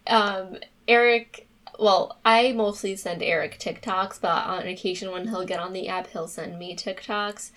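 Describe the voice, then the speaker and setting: A woman's voice: mid-range voice, steady tone, measured pace, a bit bright. A woman co-hosting a podcast, chatting casually and filling her talk with "like". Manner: chatty, peppered with "like". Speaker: podcast co-host. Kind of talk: casual chat.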